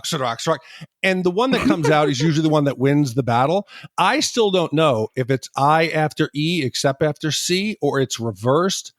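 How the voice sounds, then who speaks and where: Animated man, self-deprecating podcast co-host. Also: a little high, no echo. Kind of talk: casual podcast chat.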